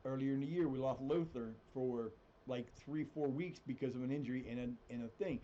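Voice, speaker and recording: A man chatting on a live stream as he plays a football management game, rambling and animated, and now and then jumping into a high mock voice. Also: brisk, lo-fi sound. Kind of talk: casual live-stream chat. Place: home room with cats.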